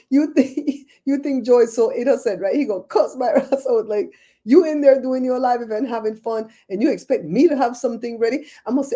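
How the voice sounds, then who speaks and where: Chatty woman hosting a livestream, mellow voice. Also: on the high side, a little fast. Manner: chatty, laughs often, talks to viewers by name. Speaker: livestream host. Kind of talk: casual livestream chat.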